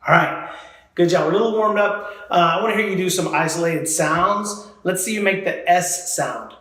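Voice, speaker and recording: A man teaches a children's drama class, leading each warm-up at an unhurried pace and praising the students as they go. His voice sits a little high for a man. The recording rings with heavy echo from the room. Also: animated. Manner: encouraging, models each drill for students to repeat. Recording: very echoey room.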